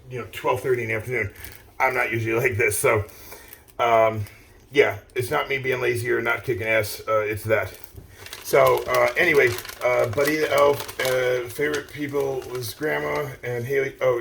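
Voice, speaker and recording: A middle-aged man talks loosely to camera in a gravelly, creaky voice at an ordinary pitch. He rambles, restarts sentences and swears freely, with plenty of fillers. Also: fairly bright tone. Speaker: vlogger. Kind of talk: casual rambling monologue. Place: outdoors, standing still.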